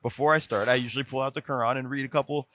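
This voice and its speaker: A man, a podcast guest, telling stories in a casual chat, animated and quick to restart his sentences. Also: medium pitch. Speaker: podcast guest, former NBA video coordinator. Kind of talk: casual storytelling.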